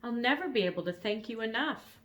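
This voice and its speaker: A woman reading a storybook aloud, voicing a gentle, grateful young male dragon in a raised, polite voice. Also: fairly high pitch, lively intonation, brisk, slight background noise, voice pushed up. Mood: gentle, eager.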